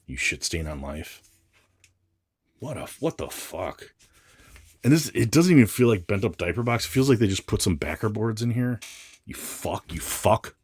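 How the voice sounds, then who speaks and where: A man's voice: on the low side, very animated, normal speed, a little mellow, slightly rough. A man vlogging while unboxing comics, grumbling and swearing in a casual, exasperated rant. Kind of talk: casual ranting unboxing vlog.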